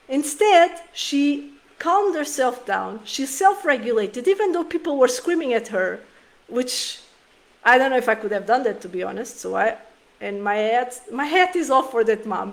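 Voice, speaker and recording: A woman with a high voice talks to the camera about parenting in an earnest, emotional way. She often stops and restarts her sentences as she searches for words. It sounds like a casual, heartfelt vlog. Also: expressive, normal speed. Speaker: parenting vlogger.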